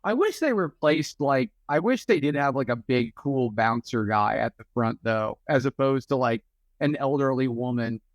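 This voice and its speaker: A man's voice: mid-range voice, lively intonation, moderate pace, dry recording. Playful young man, dry close sound. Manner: playful riffing, acting out imagined conversations. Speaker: podcast co-host. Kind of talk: casual chat.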